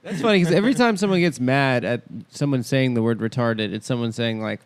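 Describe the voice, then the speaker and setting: A man's voice: mid-range voice, brisk, hardly any pauses. Man making dry sarcastic remarks. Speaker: podcast co-host. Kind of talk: casual crude comedy chat.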